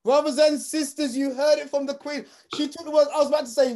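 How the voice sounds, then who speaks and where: A man's voice: extremely high pitch, flat delivery, quick pace, hardly any pauses, darkish tone. A man hosting a live online talk, addressing his audience in a rousing, preacher-like way over a video call. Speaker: host. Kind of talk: energetic live show hosting.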